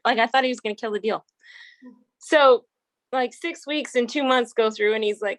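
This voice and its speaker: A woman's voice: fairly high pitch, normal speed, dry recording. Woman, horse trainer, casual interview, rambling restarts, frequent laughs, dry close sound.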